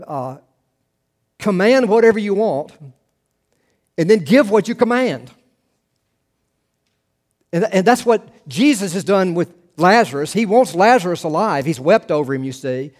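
A middle-aged male pastor preaching a sermon, earnest, rising to emphatic quotes and dropping to hushed asides. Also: a little high.

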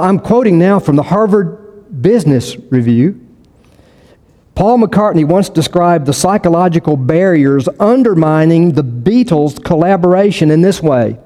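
A man's voice: fairly high pitch, mellow, big-room sound. A man preaching a sermon as pastor, in a conversational way, restarting and repeating phrases for emphasis.

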